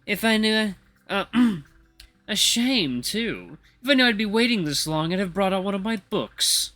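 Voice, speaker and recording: A laid-back, bookish young man who drawls his words, as a man voices him. The voice sits a bit higher than the reader's own and has a bright, forceful edge. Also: expressive, a little slow, no echo, faint music behind, heavily acted.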